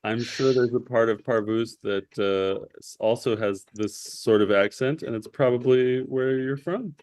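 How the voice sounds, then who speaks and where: A man's voice: mid-range voice, measured pace, a little mellow, no echo. A man running a tabletop game as game master, explaining the world to his players in a matter-of-fact way.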